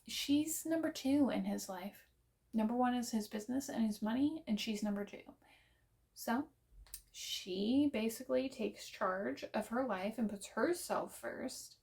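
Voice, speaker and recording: A young woman talks casually about books she plans to read, her voice sitting a little high. She takes her time and drops in playful, self-deprecating jokes. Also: darkish tone. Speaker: book vlogger. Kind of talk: casual to-camera book chat.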